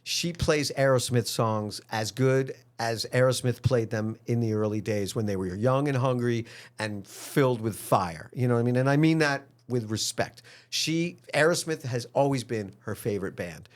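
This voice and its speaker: A man's voice: mid-range voice, moderate pace. Chatty man telling a story. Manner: animated storyteller who often asks "right?" and "you know what I mean?". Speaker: guest musician. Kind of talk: casual storytelling in an interview.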